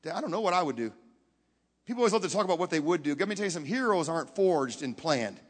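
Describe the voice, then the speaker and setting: A man preaching a sermon, telling a story with dramatic swings from hushed to loud and putting questions straight to the audience. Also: fairly high pitch, sing-song, fast talker. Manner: talks directly to the audience with questions. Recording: long hall reverb.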